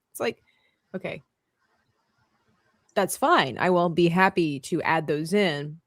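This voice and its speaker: With a medium-pitched voice, a measured pace, and long pauses, a Canadian woman chats and laughs through a casual live drawing stream in an animated way. The recording is dry and studio quality.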